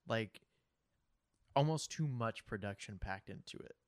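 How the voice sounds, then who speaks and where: A man's voice: on the low side, lively intonation, a little slow. A young man co-hosting a podcast who laughs easily, teases, and steers the topics. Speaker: podcast co-host. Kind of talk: casual chat.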